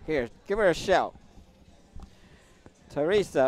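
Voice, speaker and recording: A man's voice: high voice, lively intonation, measured pace, heavy background noise. Chatty man commentating pool. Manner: chatty, joking shout-outs to viewers. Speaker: live stream host commentating pool matches. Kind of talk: casual live commentary.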